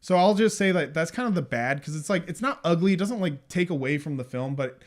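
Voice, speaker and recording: Man, film podcast co-host, casual chat, animated, somewhat high voice. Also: a little fast. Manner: animated, acts out movie lines in mock voices.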